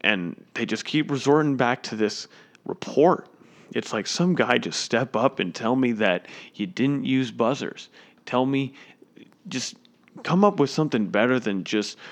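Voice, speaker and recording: A man delivering an opinionated sports rant, mid-pitched and emphatic. He sounds indignant and circles back to repeat his points. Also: moderate pace. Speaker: sports commentator.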